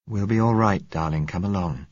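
A man voicing a gentle husband who speaks tenderly and quietly. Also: low-pitched, moderate pace, no echo, lo-fi sound. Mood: tender soothing. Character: gentle man leading his wife to death.

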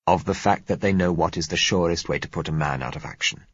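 An earnest, lecturing man presses his theory point by point, read by a man in his own low voice. The voice is husky and dry, with no room sound around it. The recording is dull and lo-fi. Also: fast, no echo. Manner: argumentative, lecturing. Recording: muffled lo-fi recording.

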